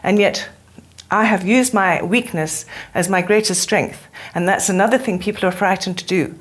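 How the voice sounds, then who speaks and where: A woman's voice: mid-range voice, moderate pace. A middle-aged woman with a speech defect, talking earnestly as an interview guest and telling stories. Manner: earnest and storytelling. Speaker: interview guest, spiritual teacher. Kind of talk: conversational interview.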